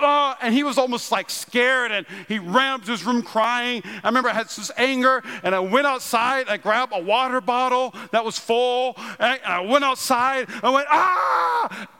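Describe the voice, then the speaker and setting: A man in his thirties from North Dakota, preaching a sermon with animated storytelling and self-deprecating humor. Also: extremely high pitch, smooth. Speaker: pastor. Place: large church auditorium. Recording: long hall reverb.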